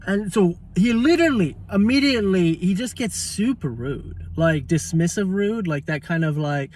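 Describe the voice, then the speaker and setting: A man's voice: high-pitched, lively intonation, normal speed, hardly any pauses, a little mellow, far from the mic, a little hiss or hum. A man telling a heated, swearing story about a bad trade at a shop in a casual vlog rant, often mocking the other person's words. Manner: heated, exasperated, swears, quotes people mockingly. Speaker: vlogger.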